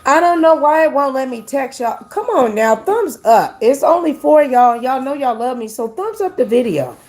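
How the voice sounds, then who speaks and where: A woman hosting a casual live stream, chatting with her viewers as "y'all" and reading numbers out slowly. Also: sits high, lively intonation, darkish tone.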